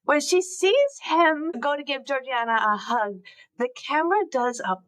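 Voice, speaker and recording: A woman's voice: high voice, expressive, a bit bright, no room sound, poor audio. A woman hosting a podcast, chatting casually about a film, joking and asking her set questions. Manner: chatty, quick jokes, asks set questions. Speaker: podcast host.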